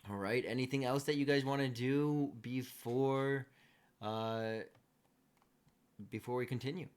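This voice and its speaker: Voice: mid-range voice, fairly even intonation, a little slow, darkish tone, smooth. A game master narrating a tabletop game in an easygoing way, with many fillers.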